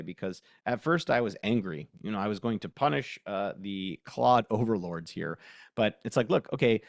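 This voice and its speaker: Man hosting a live demo, low voice, excitable, laughs a lot, dry close sound. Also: dry recording. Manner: laughs often, excitable, thinks aloud. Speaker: presenter. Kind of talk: live workshop demo, casual.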